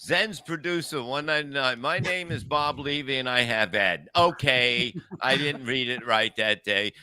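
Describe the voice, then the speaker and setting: A man's voice: mid-range voice, normal speed, bright, forceful tone, clear, resonant tone. A man hosting a casual comedy podcast, crudely wisecracking as he reads out viewer donations and amounts.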